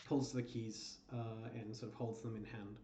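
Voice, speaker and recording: A man's voice: lowish voice, level tone, normal speed, background noise. Man narrating a tabletop game. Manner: hesitant, many uhs and restarts. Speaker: game master. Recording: roomy lo-fi mic.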